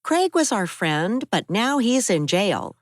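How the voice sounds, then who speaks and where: A woman narrator voicing a protective, emotional young woman with a high, urgent voice, in an audiobook. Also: big pitch swings, slow, no room sound, clean studio sound. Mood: earnest.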